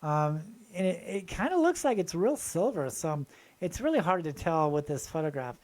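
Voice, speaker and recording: Excited rambling man showing finds. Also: fairly high pitch, normal speed. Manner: excited, rambling, addresses viewers directly. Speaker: channel host. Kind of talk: casual show-and-tell video.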